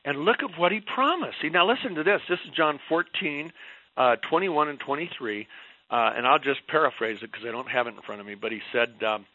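A man's voice: on the high side, expressive, a little fast, bright, forceful tone, no echo. An older man speaking as a guest on a Christian radio talk show, preaching fervently and emphatically, rising and falling for effect. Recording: dull lo-fi radio sound.

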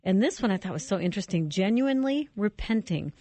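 A woman hosting a radio talk interview, affirming her guest and moving briskly on to the next point. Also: medium pitch, expressive, dark tone, dry recording. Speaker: radio show host.

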